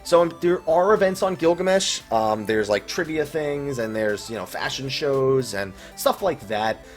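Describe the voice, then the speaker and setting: A male gaming host answers viewer questions in a relaxed, offhand way, blunt and quick to curse. His pitch sits in an ordinary middle register but swings around a lot as he talks. Soft music plays quietly underneath. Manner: casual, blunt, swears freely. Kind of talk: casual Q&A commentary about online games.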